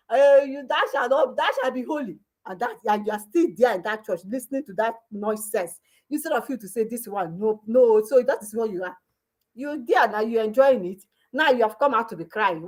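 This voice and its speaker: A Nigerian-accented woman vlogger rants with emphatic, scolding force. Her voice sits rather high, and she drops into pidgin and local phrases as she talks. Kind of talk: ranting commentary.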